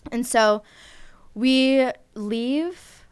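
A woman's voice: on the high side, drawn-out words, smooth. Chatty young woman hosting college radio. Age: young adult. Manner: chatty, rambling, with many fillers and giggles. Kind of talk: casual radio chat.

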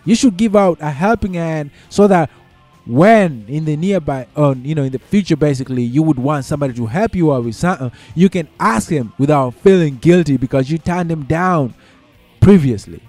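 A man's voice: on the high side, expressive, normal speed, a little mellow, dry recording, soft background music. A man talking casually through workplace advice, repeating his points and checking in with the listener, saying y'all and folks. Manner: conversational, uses y'all and folks. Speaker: commentator.

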